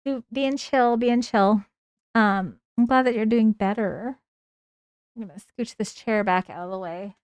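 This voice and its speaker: A woman chatting casually on a live stream, laughing often and cooing at her cats in a high sing-song voice. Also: a little slow, darkish tone, smooth, no echo. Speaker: livestreamer.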